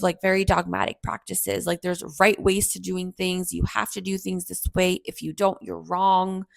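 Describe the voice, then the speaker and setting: A woman's voice: lowish voice, creaky, no room sound. A woman in her thirties hosting a podcast, chatting reflectively through a personal story and acting out the people in it. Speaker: podcast host.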